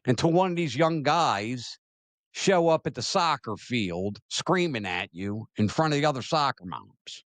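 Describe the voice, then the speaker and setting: A man's voice: medium pitch, expressive, unhurried, a bit bright, no room sound. Chatty self-deprecating man hosting. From Maryland. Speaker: show host. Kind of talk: casual monologue to camera.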